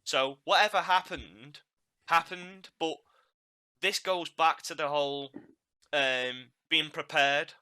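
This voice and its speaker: A man's voice: fairly high pitch, fairly even intonation, slow pace, bright, forceful tone, clean tone. A man hosting a podcast, chatting casually and animatedly, laughing at his own mishaps and repeating words as he goes. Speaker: podcast host.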